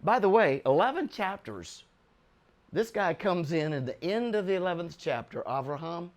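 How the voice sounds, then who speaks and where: An older man from America gives an animated Bible lesson in a fairly high voice. He chuckles often and breaks into sudden loud shouts to drive a point home. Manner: excitable, chuckling, loud bursts for emphasis. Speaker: Bible teacher.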